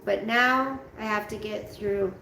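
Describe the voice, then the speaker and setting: Slow gravelly woman streaming from home. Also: mid-range voice, fairly even intonation, sharp tone, roomy sound, a little hiss or hum, low-quality recording. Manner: slow, rambling, talks straight to chat by name. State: tired, yawning. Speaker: livestream host reading chat. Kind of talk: casual live chat with viewers. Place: at home, roomy room.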